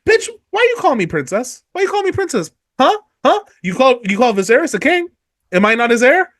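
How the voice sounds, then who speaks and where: A sassy young queen snaps back in a high, indignant voice, as a man puts her on while retelling a story. She is brash and sure of herself. The voice keeps pushing up into a squeaky, exaggerated register. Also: huge pitch swings, moderate pace, sharp tone, exaggerated voice.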